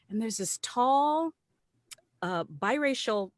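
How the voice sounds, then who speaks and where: A woman's voice: lowish voice, moderate pace, dry recording, studio quality. A woman actor, a guest on an online video-call talk, telling stories casually with frequent laughs and restarts. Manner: lively, laughing often, with many restarts. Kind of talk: casual storytelling on an online salon.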